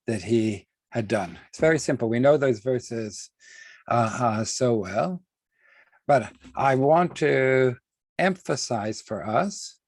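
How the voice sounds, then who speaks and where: Slow, deliberate male teacher. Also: medium pitch, vocal fry, darkish tone, no echo. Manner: deliberate, repeats words and restarts, stresses key words slowly. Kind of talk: online lecture with screen sharing.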